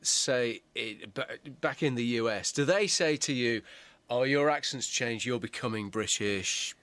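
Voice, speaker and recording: A man's voice: medium pitch, unhurried, fairly bright tone, dry recording. A male radio presenter who introduces and interviews a guest, asking his questions in a friendly, hesitant way with restarts.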